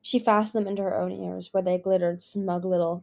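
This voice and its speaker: A woman reading a fantasy novel aloud in an expressive storytelling manner. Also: on the low side, normal speed, gravelly. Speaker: fan audiobook reader.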